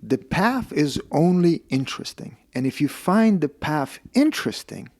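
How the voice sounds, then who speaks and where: Speaking at a measured pace in a voice on the high side, a Russian-accented man guests on a podcast. He shares stories casually and animatedly plays out the dialogue in character voices.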